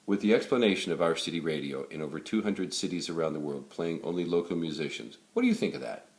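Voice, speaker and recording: A man's voice: a bass voice, quick pace. A man with an American accent hosting a casual promotional interview in a jokey, upbeat way. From England. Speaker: host, spokesperson.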